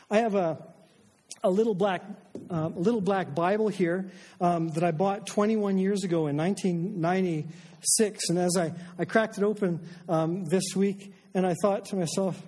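A man's voice: high voice, warm tone, big-room sound. A middle-aged man preaching a sermon as a pastor, conversational and self-deprecating, with frequent fillers and restarts.

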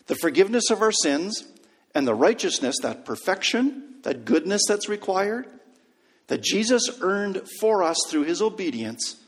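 A man preaching a sermon, telling a story and dropping to a hush on key lines. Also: high voice, big pitch swings, moderate pace. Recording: long hall reverb.

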